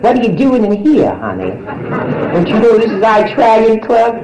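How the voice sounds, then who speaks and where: On a nightclub stage, an older woman with a voice on the high side delivers bawdy stand-up at normal speed, her pitch swinging hugely. She teases the crowd brassily through a handheld steel mic, in a roomy live recording with the audience audible.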